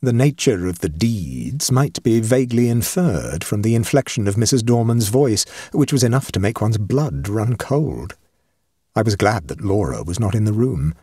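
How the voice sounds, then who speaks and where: Low, husky male storyteller. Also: no room sound. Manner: measured and expressive. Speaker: audiobook narrator. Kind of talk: scripted narration of a ghost story.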